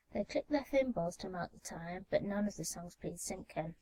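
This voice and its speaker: A woman reading a storybook tale calmly and gently, in a soft ASMR story reading recorded binaurally. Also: on the low side, moderate pace, creaky, few pauses, rough recording. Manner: calm, gentle. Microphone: binaural microphone.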